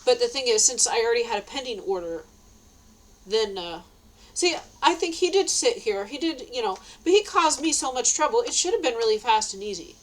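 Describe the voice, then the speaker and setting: A woman's voice: a little high, animated, fairly quick, poor audio. A middle-aged woman ranting to camera, agitated and swearing, rambling with many restarts. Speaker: vlogger.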